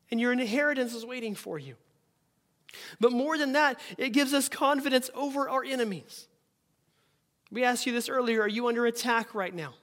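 A man's voice: very high voice, a bit bright. A male pastor preaching a sermon, reading scripture aloud and telling stories in an earnest voice.

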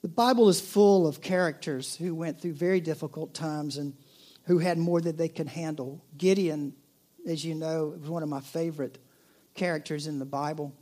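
A pastor delivers a sermon in a relaxed, talking-to-friends manner. The voice sits at a middling pitch and slips between playful asides and quieter, earnest points. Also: moderate pace. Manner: conversational preaching, jokey asides, drops to soft earnest tone.

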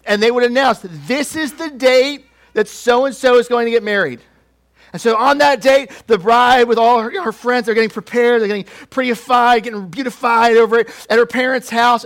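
Man, pastor, high voice, animated sermon, playful put-on voices, joking.

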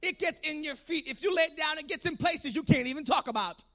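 A male preacher of Puerto Rican background with a strikingly high, very bright and tense voice. He works the room in fervent call-and-response style, dropping to soft asides before surging into shouted exhortation. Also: a little fast, vocal fry.

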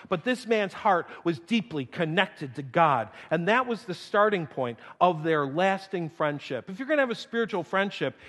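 A man preaching a sermon in a church, animated and humorous, acting out the lines of the people in the scripture. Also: sits high. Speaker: pastor. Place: church sanctuary. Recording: long reverb of a large hall.

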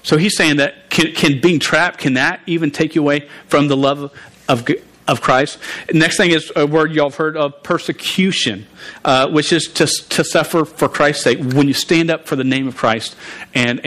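Pitched on the high side with a fairly bright tone, this preacher talks to his congregation in a conversational way. He often trips and starts words over, and he asks the audience questions as he goes.

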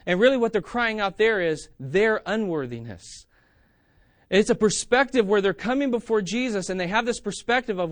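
A man giving an informal sermon in a conversational way, with many restarts and fillers, dropping to a quiet plea when he quotes. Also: sits high, lively intonation, normal speed, no room sound. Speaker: preacher.

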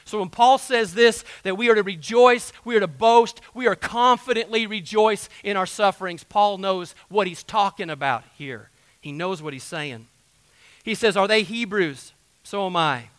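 A man's voice: sits high, normal speed, no room sound. A man preaching a sermon in a folksy, conversational way, full of asides to the congregation. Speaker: pastor.

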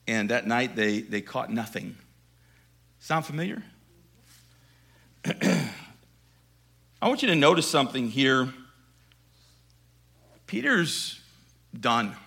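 A male preacher retelling a scripture story in a conversational sermon, dropping to quiet asides and building to emphatic passages. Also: medium pitch, sing-song, slow pace, creaky, pauses often, breathy edge.

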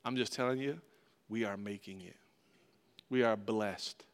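A man's voice: fairly low pitch, measured pace, clean tone. A man preaching as pastor in a conversational sermon, acting out God and Moses in short bits of dialogue.

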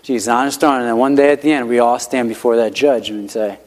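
Preaching at a quick pace with a steady, medium-pitched voice, a male pastor keeps his sermon conversational and emphatic, often repeating key lines and using "like" as filler; the long reverb suggests a hall.

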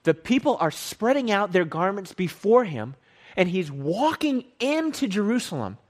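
Male Bible teacher, casual sermon style, high voice, very lively pitch, conversational, self-correcting. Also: moderate pace. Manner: animated and conversational, repeats and corrects himself.

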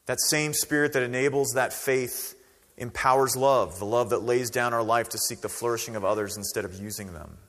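A man preaching a sermon as pastor, conversational and animated, acting out quoted voices. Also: medium pitch, normal speed, in a large hall.

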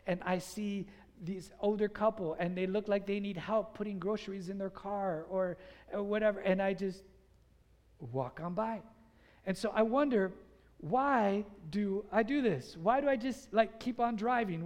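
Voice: medium pitch, darkish tone. A pastor preaching a conversational sermon with lots of filler "like", urging the congregation to repeat phrases back. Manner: casual filler "like" throughout. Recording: long hall reverb.

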